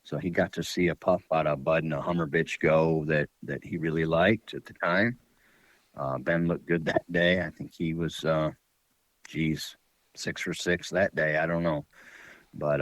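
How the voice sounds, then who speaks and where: In a low-quality recording with no room sound, a man with a deep, rumbling voice appears as a podcast guest. He tells hunting-dog stories casually, rambling in a folksy way and using plenty of fillers.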